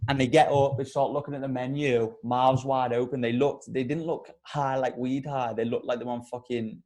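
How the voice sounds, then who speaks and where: A man co-hosting a podcast, telling a long anecdote in casual chat, full of swearing and lively detail. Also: mid-range voice, moderate pace. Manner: animated, profane anecdote telling. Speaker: podcast co-host.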